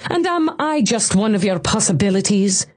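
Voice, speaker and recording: A man's voice: high-pitched, big pitch swings, moderate pace. A woman voicing a proud, wounded Irish man in an audiobook with an Irish accent, with a bitter, demanding manner.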